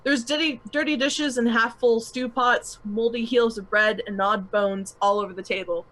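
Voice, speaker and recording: Bright-voiced woman game master. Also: fairly high pitch, steady tone, normal speed, rough recording. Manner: chatty, laughing, full of fillers. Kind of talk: narrating a tabletop game.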